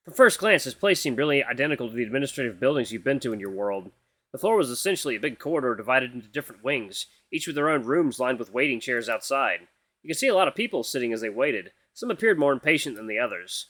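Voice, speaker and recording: A man reading a visual novel aloud with playful, animated asides. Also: medium pitch, fast, no echo.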